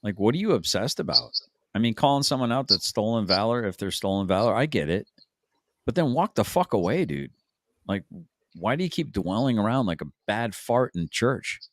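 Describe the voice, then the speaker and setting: A man's voice: on the low side, animated, moderate pace, no room sound, studio quality. A man hosting a stream, giving crude, mocking, rambling reaction commentary. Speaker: stream host.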